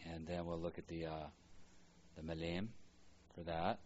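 A man teaching a Bible language lesson, slowly sounding out and repeating words for students to follow. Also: low voice, little pitch movement, a little mellow, highs cut off. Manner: slow, repeats words aloud for practice. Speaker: Hebrew teacher.

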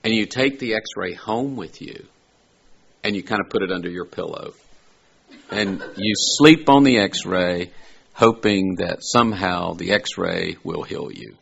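A man's voice: low-pitched, unhurried, vocal fry, a bit bright, breathy edge, lo-fi sound. A man preaching a sermon in a conversational way, full of rhetorical questions and everyday examples, rising to emphatic peaks.

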